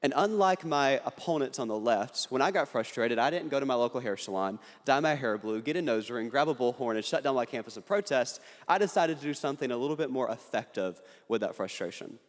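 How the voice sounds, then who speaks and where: A young adult man, speaking politically, delivers an earnest, punchy speech to an audience in a large university campus hall, slipping quick jokes between his points. He's expressive at an ordinary pitch, and long hall reverb trails each line.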